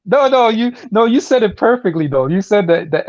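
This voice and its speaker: A man in casual sports talk, animated and agreeable, often backing up the other speaker. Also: high-pitched, fairly quick, no echo, dull audio.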